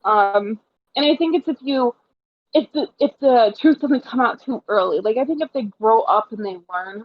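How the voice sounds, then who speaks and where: A young woman with a fairly high voice chats casually as a podcast co-host, full of fillers and lively retellings. The recording is dry and a little dull, like lo-fi podcast audio. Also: a little fast, no room sound. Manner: chatty, animated retellings with many fillers. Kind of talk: casual chat.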